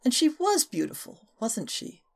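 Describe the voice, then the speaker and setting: A woman reading a historical novel aloud as an audiobook narrator, with expressive, varied delivery. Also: fairly high pitch, normal speed, creaky. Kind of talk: scripted narration.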